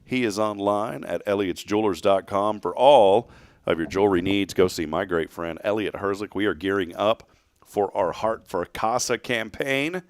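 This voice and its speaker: Man, morning show host, rambling and jokey, deep voice, dry sound. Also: normal speed, dry recording. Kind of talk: casual morning show chat.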